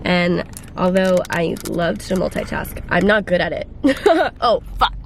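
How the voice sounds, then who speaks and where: A woman's voice: fairly low pitch, animated, a little slow, noisy background. Chatty, giggly young woman vlogging from her car. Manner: chatty, giggly, self-mocking. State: congested, phlegmy. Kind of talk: casual chat to camera. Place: in a car at dawn.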